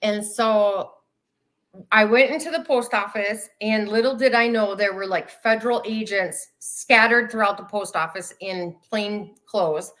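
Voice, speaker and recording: A woman guest telling her own story in a casual, animated way over a video call, acting out the voices of people she quotes. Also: mid-range voice, measured pace.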